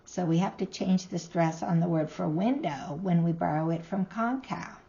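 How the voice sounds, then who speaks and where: A woman teaching a recorded language lesson, speaking slowly and carefully and sounding out each word. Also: lowish voice, gravelly, mellow, highs cut off. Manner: slow, careful, sounding out words.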